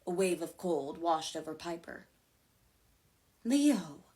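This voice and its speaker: A woman reading a fantasy novel aloud in an expressive, dramatic way. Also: lowish voice, slow. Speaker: reader.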